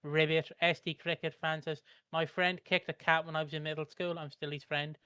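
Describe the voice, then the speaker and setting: British guy reading out chat messages, bright smooth voice, dry close mic. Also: fairly high pitch, level tone, a little fast, no room sound. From Britain. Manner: reads comments aloud with stumbles. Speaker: co-host reading out viewer comments. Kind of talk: live stream, reading chat.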